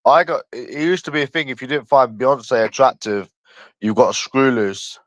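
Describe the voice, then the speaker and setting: A man's voice: medium pitch, moderate pace, no echo. A man from London chatting casually on a livestream, rambling and addressing a viewer by nickname.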